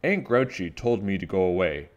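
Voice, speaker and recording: A man voicing a small, kind, eager girl witch in a high, pleading child voice. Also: expressive, normal speed, lo-fi sound.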